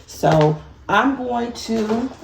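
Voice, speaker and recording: Gravelly, chatty sewing tutorial woman. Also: a little high, expressive, extremely slow. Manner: chatty, laughs at herself, talks to viewers. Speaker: sewing instructor. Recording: echoey room with faint ambient noise.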